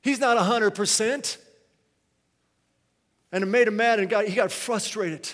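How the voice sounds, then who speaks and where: A male pastor preaching a sermon, swinging between quiet, hushed phrases and loud, raised ones. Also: high voice, steady tone, a little slow, long reverb tail.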